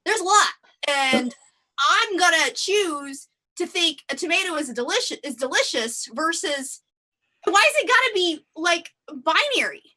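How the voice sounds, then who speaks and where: A woman's voice: very high-pitched, big pitch swings, unhurried, sharp tone. A woman doing improvised stand-up comedy in a rambling, self-deprecating way, full of fillers and tangents. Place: theatre stage.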